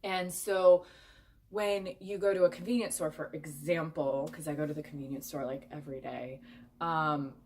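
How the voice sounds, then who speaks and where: A woman's voice: low voice, fairly even intonation, moderate pace, darkish tone. A young woman vlogger chatting candidly to her viewers, with plenty of fillers. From United States. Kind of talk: casual chat.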